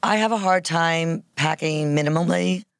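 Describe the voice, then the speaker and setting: An easygoing woman talks as a podcast guest with a gravelly edge to her voice. Her delivery is agreeable and relaxed, and the recording is dry and close. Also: low-pitched, normal speed, dry recording. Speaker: podcast guest, fashion designer. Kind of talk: casual chat.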